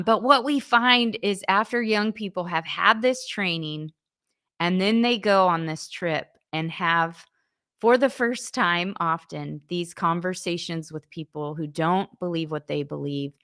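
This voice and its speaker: Bright-voiced woman ministry leader. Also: fairly low pitch, unhurried. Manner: earnest, many restarts. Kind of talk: interview answers.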